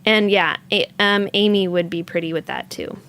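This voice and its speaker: A woman's voice: mid-range voice, steady tone, moderate pace, a bit bright, clean tone. A woman hosting a yarn shop livestream, chatting casually, thinking aloud and answering viewer comments as she goes. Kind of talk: casual live-stream chat.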